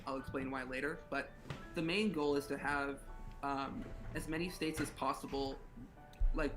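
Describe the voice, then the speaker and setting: A man's voice: mid-range voice, rough recording. Earnest teenage guy from Nevada. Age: teens. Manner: hesitant, lots of fillers, earnest. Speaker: interview guest, student officer. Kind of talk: casual interview answers.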